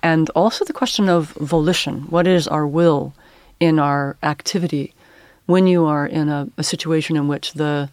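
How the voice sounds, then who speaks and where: A woman's voice: deep voice, darkish tone, dry recording. Thoughtful woman, dry close sound. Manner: halting, searching for words, academic phrasing. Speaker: poet and English professor, guest. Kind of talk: reflective interview talk.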